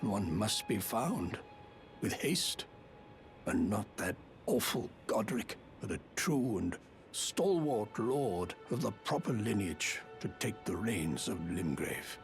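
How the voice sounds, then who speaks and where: A man's voice: on the low side, big pitch swings, takes it slowly, faint music behind, heavily acted. A man voicing a pompous, courtly noble lord in a video game, speaking in a formal, grandiose, old-fashioned way. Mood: grave. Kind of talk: video game character dialogue.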